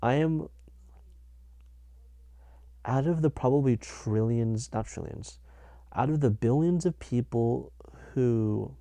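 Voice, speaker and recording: A man's voice: lowish voice, creaky, mellow, dry recording, clean studio sound. A young man hosting a casual solo podcast, rambling and correcting himself as he talks. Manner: rambling, self-correcting, laughs at his own jokes. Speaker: podcast host.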